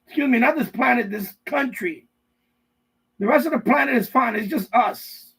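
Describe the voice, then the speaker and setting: A man's voice: very high-pitched, normal speed, fairly bright tone, husky, poor audio. A man hosting a live stream from his basement, ranting casually with profanity and lots of repetition, riffing in mock voices. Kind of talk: rambling casual rant. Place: basement room.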